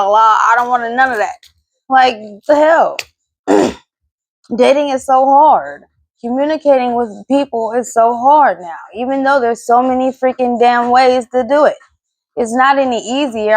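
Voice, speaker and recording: A woman in her thirties hosts a solo podcast, ranting bluntly and exasperatedly with plenty of swearing. Her voice is fairly high, with no room sound.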